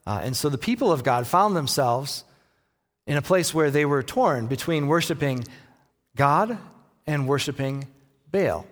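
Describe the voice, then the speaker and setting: A man delivering a sermon as a pastor, his voice sitting a little high. He tells the story with lively energy and slips into the quoted characters with playful taunting. The sound rings out with the long reverb of a large hall. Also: unhurried, long pauses.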